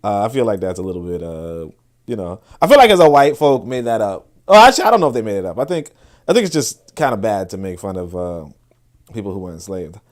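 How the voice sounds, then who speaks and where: A man's voice: lowish voice, very animated, fast talker. A man hosting a podcast, talking casually and rambling with many restarts and fillers while he reads and explains passages. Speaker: podcast host. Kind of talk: casual commentary with reading aloud.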